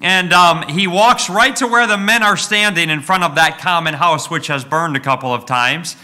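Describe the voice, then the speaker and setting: Preacher, male, slightly raised pitch, bright cutting tone, animated storyteller who stumbles and restarts. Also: moderate pace. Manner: animated, many fillers and restarts, asks the listeners questions. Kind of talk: storytelling sermon.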